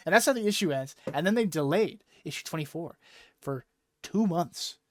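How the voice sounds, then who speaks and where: A man's voice: on the high side, animated, normal speed, dry recording. A rambling, profane male podcaster. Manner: rambling, profane, filler-heavy storytelling. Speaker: podcast co-host. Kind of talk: casual chat recapping a comic. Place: podcast recording setup. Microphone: podcast microphone.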